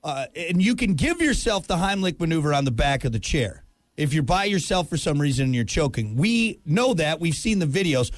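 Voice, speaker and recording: High-voiced morning radio host, man. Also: a little fast, no room sound. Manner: animated, self-deprecating storytelling with laughs. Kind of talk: morning radio banter and ad reads. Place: radio studio. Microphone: studio microphone.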